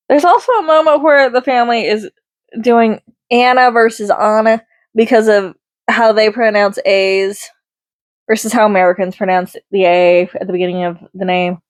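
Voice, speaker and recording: A woman's voice: medium pitch, steady tone, normal speed, dry recording. A woman giving a casual spoken movie review, rambling, correcting herself mid-sentence and adding chatty asides. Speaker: film reviewer.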